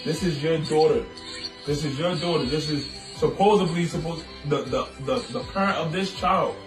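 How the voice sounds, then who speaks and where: A man's voice: fairly high pitch, normal speed. Pleading man, distant and echoey. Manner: pleading, repeats himself, voice strained. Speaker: distressed father on a phone call. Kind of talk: emotional phone call. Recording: roomy distant recording with music over it.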